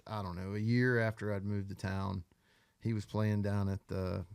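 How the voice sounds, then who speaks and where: Gravelly man telling stories. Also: lowish voice, flat delivery, moderate pace, darkish tone, no room sound, clean studio sound. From Arkansas. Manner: loose, profane, rambling storyteller. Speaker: guest songwriter. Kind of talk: casual podcast storytelling.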